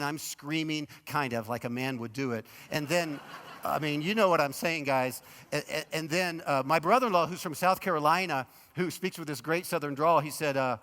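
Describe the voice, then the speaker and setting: A male guest pastor preaches in a large church auditorium, his fairly high voice carried by a long hall reverb. He talks in a conversational storytelling way, pressing hard on some points and dropping almost to a hush on others. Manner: conversational storytelling preacher, swings between emphatic and hushed. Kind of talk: sermon.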